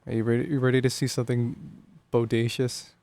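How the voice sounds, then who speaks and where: A man's voice: medium pitch, little pitch movement, fast talker, dark tone, no echo. Chatty young male game streamer. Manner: chatty, jokey, thinking aloud. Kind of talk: casual live game commentary.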